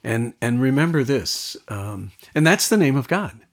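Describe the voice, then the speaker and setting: A man, a pastor, explaining Bible passages in relaxed conversation, retelling stories and quoting lines with animated delivery. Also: mid-range voice, normal speed. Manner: animated storytelling with quoted voices, frequent restarts.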